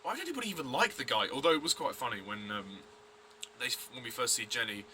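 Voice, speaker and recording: Man, bright sharp tone, casual review vlog, blunt, rambling. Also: mid-range voice, lively intonation, quick pace, slight background noise. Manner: blunt, rambling, many fillers and restarts. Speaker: TV episode reviewer.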